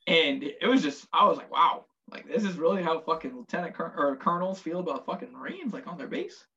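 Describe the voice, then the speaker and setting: A former Marine telling profane, lively war stories in casual chat, acting out the quotes. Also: male voice, on the high side, brisk, highs cut off. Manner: profane, animated storytelling with acted quotes.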